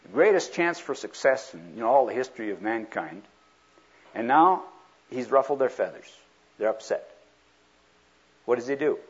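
A male preacher giving a sermon, lively and acting out the people he quotes. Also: medium pitch, moderate pace, pauses often, husky. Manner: animated, acts out quoted speakers. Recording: dull lo-fi recording.

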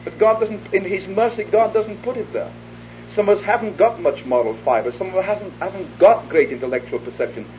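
Man preaching a sermon in a hall, a bit high-pitched, muffled old lo-fi tape with some hiss. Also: a little fast. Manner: earnest, acts out little dialogues, drops to an intimate hush for the appeal. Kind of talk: evangelistic sermon. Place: hall before a live audience. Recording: dull lo-fi archive tape with faint hiss.

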